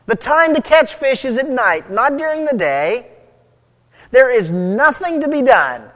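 A man preaching a sermon, retelling a story with lively, acted-out voices for the people in it. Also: extremely high pitch, unhurried. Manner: animated storytelling, acting out quoted voices. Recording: long hall reverb.

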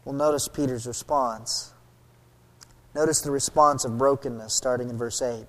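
A man preaching a sermon, retelling a story with lively, acted-out voices for the people in it. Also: medium pitch, normal speed. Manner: animated storytelling, acting out quoted voices. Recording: long hall reverb.

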